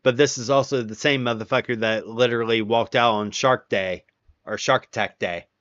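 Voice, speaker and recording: A man's voice: medium pitch, fairly even intonation, moderate pace, a bit bright, no echo. A man hosting a casual stream chat, telling stories with lots of swearing and acting out the quotes himself. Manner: profane, wry storyteller acting out quotes. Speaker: streamer, host. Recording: dull, dry, lo-fi sound.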